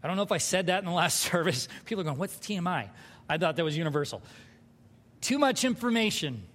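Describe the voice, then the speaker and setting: A man preaching a sermon as pastor, animated and conversational, with humor. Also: high-pitched, fast. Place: church sanctuary. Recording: hall reverb.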